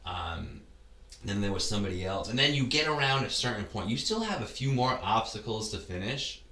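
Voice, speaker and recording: A man's voice: lowish voice, very animated, a little fast, sharp tone, reverberant, far from the mic. A man talking as a podcast guest in casual conversation, rambling and often restarting his words. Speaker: podcast guest, ultra race runner.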